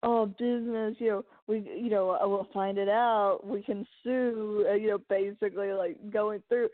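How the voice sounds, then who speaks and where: A woman co-hosting a casual chat about a TV show, retelling scenes quickly and acting out the characters' lines. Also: medium pitch, no room sound. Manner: fast, animated retelling with acted-out quotes. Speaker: podcast co-host. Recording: tinny phone-like line, dry.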